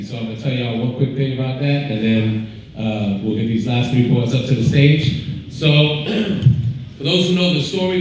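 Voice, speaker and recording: Man, emcee, relaxed and chatty, far from mic, very echoey hall. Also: medium pitch. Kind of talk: casual stage hosting. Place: theatre stage. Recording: distant mic in very echoey hall, room noise.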